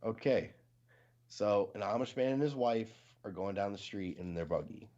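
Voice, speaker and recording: A low-voiced man hosting a casual livestream chat, rambling along with lots of fillers as he tells stories and jokes. The audio is dull and lo-fi, like a webcam mic on a stream. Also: moderate pace, darkish tone. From Ohio, US. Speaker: livestream host.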